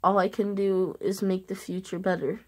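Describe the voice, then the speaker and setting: A woman speaking a heartfelt love message to camera, earnest and halting, with long pauses. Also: mid-range voice, little pitch movement. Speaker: vlogger.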